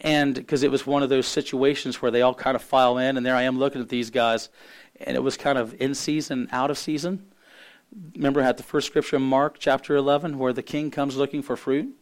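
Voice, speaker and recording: Man, preacher, personal testimony, halting speech, repeated words, mid pitch. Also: level tone. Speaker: minister. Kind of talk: sermon testimony.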